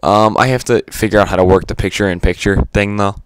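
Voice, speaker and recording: A man's voice: on the low side, steady tone, fast talker, clean tone, dry recording. A man giving unscripted gameplay commentary, rambling and stuttery with lots of fillers and casual swearing. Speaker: gaming commentator.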